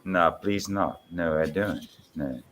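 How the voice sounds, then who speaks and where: A man from the Netherlands chatting casually on a stream, rambling and joking with big swings in pitch. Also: takes it slowly, fairly bright tone, slight background noise. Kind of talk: casual chat.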